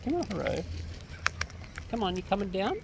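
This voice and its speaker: A woman's voice: medium pitch, sing-song, moderate pace, gravelly, background noise. A woman chatting playfully to wild birds outdoors, talking to them in a cooing, baby-talk way. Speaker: bird feeder vlogger. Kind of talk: casual chat with wild birds.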